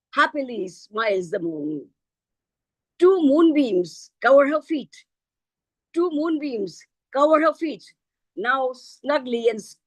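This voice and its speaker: Over a video call, a middle-aged poet performs one of her own poems with lots of expression, adopting a childlike voice whenever she quotes. She speaks at a fairly high pitch. The audio is dry and of low quality.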